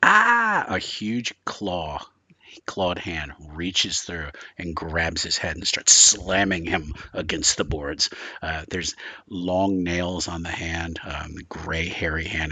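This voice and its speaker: Low-voiced rambling game master, man. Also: sharp tone, breathy edge, no echo. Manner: loose, rambling description full of "like" and "kinda". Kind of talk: narrating a tabletop horror game.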